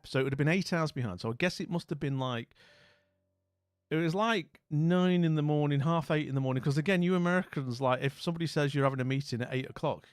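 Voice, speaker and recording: Chatty British man with a lively voice. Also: on the high side, dry recording, studio quality. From Britain. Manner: rambling, chatty, full of asides and self-mockery. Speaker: channel host. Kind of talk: casual anecdote.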